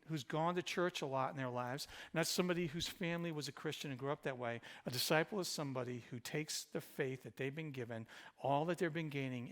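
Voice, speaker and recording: A male pastor preaching a sermon, swinging between loud emphatic passages and quiet, intimate ones. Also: a little high. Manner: speaks in Jesus's voice to the listener.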